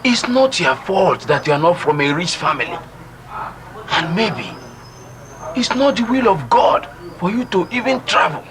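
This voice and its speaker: A man's voice: high-pitched, sing-song, measured pace, crowd noise, exaggerated voice. An actor playing a blunt, dismissive man who tells his friend to give up, in a film drama.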